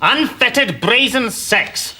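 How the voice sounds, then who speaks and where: A flustered Roman aide who gets carried away and trips over his words. His voice is bright, and his pitch swings widely. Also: lively intonation, slow pace, heavily acted. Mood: agitated. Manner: breathless, stumbling over words. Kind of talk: sitcom acting.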